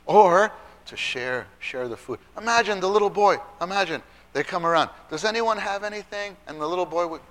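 A man giving an animated Bible teaching talk to church children's workers, stressing and repeating key phrases. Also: a little high, fairly quick, hardly any pauses.

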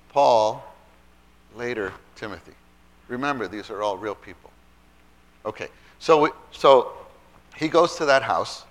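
A man teaches from the Bible in a relaxed, conversational way, asking his listeners questions and acting out the characters' lines as he retells the stories. His voice is bright, and his pitch swings widely as he goes. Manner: conversational, asks the audience questions.

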